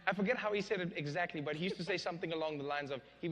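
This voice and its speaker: A man in his thirties, an interview guest telling stories on stage, animated and laughing as he acts out quotes. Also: high-pitched, racing, hardly any pauses, in a large hall, crowd noise. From South Africa. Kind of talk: storytelling in a public interview. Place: stage in an event hall.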